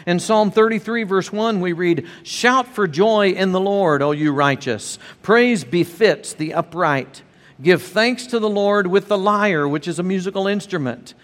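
A man preaching a sermon to his congregation, reading scripture aloud in a measured way. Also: high voice, fairly bright tone, in a large hall. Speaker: pastor.

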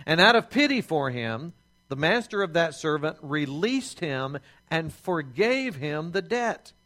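A man preaching a sermon as pastor, slowing down to stress key phrases and reading scripture aloud. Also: on the high side, a bit bright. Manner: reads scripture aloud with pleading quoted voices.

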